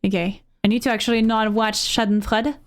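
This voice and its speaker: A woman's voice: fairly high pitch, flat delivery, a little fast. A woman streamer talking to herself through a game, repeating words and getting frantic under pressure. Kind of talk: live gameplay commentary.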